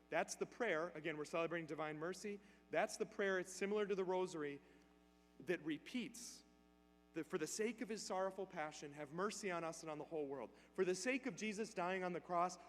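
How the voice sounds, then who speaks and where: A man's voice: high-pitched, a little fast, a bit bright. A man giving a homily in a church, telling a story in a conversational way and acting out the dialogue. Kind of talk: storytelling sermon. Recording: long church reverb, faint hum.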